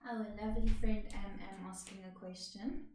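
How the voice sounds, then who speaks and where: A woman co-host reading viewer questions aloud in a soft voice, away from the mic. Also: medium pitch, fairly even intonation, normal speed, slight background noise. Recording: echoey and distant from the mic.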